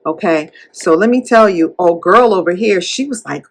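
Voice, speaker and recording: A woman chatting casually while counting cash at home, animated and playful as she retells a story. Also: medium pitch, a little slow, husky. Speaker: cash-stuffing YouTuber.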